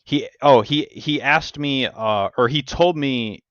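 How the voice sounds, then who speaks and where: A man hosting a podcast, telling stories in casual, profane, animated chat. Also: medium pitch, slow pace, no echo, lo-fi sound. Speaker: podcast host.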